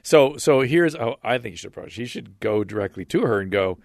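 A man's voice: mid-range voice, lively intonation, fairly quick, creaky, a little mellow, dry recording, studio quality. A man co-hosting a radio show, chatting casually and retelling stories with laughter. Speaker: radio co-host. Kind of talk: casual talk.

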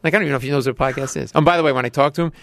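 A man sits in a dry studio spinning long stories for a podcast host. He talks in an animated way, lunging up in pitch whenever he quotes someone. His everyday voice sits in a middle range for a man. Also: very fast, vocal fry, no echo. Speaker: comedian guest. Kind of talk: storytelling in a podcast interview.

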